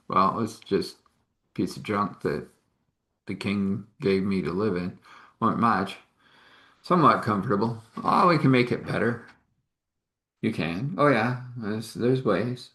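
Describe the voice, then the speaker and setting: A man telling an improvised story in a rambling, halting way, acting out the dialogue in shifting voices. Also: on the low side, fairly bright tone, echoey room.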